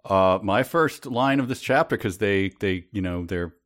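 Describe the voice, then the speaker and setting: A man's voice: on the low side, normal speed. A man co-hosting a casual comedy podcast, making wry, hesitant comments and telling anecdotes. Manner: wry, hesitant, laughing asides. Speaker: podcast co-host. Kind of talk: casual comedic book read-along.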